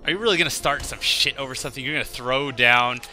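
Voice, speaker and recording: Bright-voiced man riffing over gameplay. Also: mid-range voice, fast talker. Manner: rambling, joking storyteller. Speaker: gaming commentator. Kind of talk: casual gameplay commentary.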